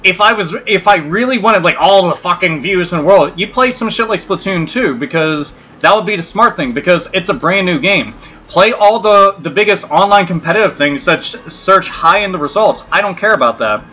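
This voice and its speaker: A man's voice: high voice, animated, normal speed, sharp tone. A man hosting a gaming livestream, talking in a blunt, profane and rambling way, with many restarts. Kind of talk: casual livestream chat.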